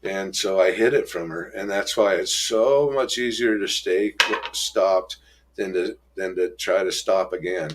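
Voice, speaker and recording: Middle-aged man, low voice, halting and emotional, restarts often, raises his voice for quoted people. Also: a bit bright, slight background noise. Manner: halting and emotional, many restarts and trailing pauses. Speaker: guest telling his recovery story. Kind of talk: personal storytelling.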